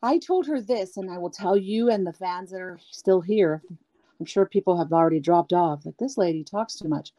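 A woman being interviewed as a guest singer, talking candidly and at length, animated, acting out the people she quotes. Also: lowish voice, normal speed, no echo. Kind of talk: candid storytelling chat.

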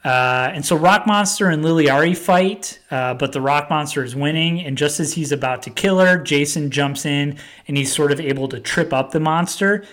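A man's voice: a little high, normal speed, hardly any pauses, fairly bright tone. A man casually telling a long story, with lots of fillers and acted-out quotes. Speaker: storyteller pitching a plot. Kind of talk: casual chat.

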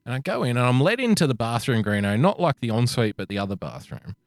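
A man tells a story in a loose, profane chat, doing little voices for the people in it. His pitch swoops widely as he goes, and the sound is dry and close. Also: fast, no echo. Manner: swearing, animated storytelling with quoted voices.

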